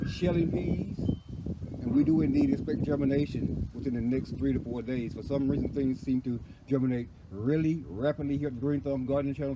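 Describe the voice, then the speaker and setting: A man chats casually about his garden beds, repeating himself and leaning on the same friendly phrases. He is recorded outdoors in a front yard garden. Vehicles and general outdoor noise come through clearly behind his voice. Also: mid-range voice. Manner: repetitive, folksy, says "indeed" and "you guys" often. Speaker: gardening channel host. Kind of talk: casual garden vlog narration.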